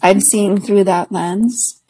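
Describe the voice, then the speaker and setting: A woman guest in a casual conversation who speaks reflectively and earnestly and laughs softly between thoughts. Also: mid-range voice, steady tone, slow pace, husky, low-quality recording. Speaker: podcast guest, spiritual practitioner.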